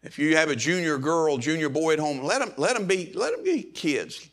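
Impassioned high-voiced preacher man. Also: very animated, moderate pace, a bit bright. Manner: impassioned preaching, repeats and restarts words. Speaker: pastor. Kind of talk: sermon.

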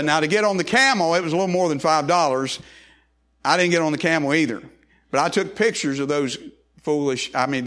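Folksy preacher man with a higher voice. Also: sharp tone. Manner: folksy, repetitive with frequent restarts. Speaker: pastor. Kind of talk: sermon.

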